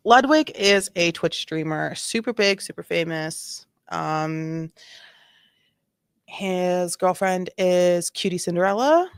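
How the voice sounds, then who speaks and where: A woman in her thirties hosting a casual commentary chat, her lowish voice edged with vocal fry. She rambles and laughs often, and the close recording is dry with no room sound. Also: expressive, slow pace, no echo. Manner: chatty, rambling, laughs often, frequent fillers. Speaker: commentary channel host.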